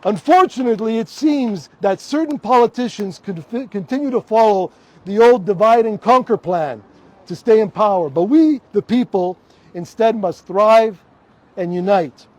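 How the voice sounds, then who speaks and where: Canadian man, middle-aged, high voice, fervent rally speaker outdoors, repeats slogans. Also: lively intonation, normal speed, darkish tone, no echo. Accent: Canadian English. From Toronto, Canada. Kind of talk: public protest speech. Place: outdoors in front of a hospital.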